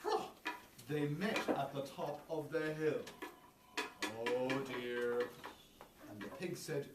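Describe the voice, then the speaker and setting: A man's voice: medium pitch, slow. A man with an Irish accent telling a story to preschoolers in a playful, exclamatory way, asking them questions as he goes. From Ireland. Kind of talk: animated storytelling for children. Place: preschool classroom. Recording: roomy, far from the mic, noisy.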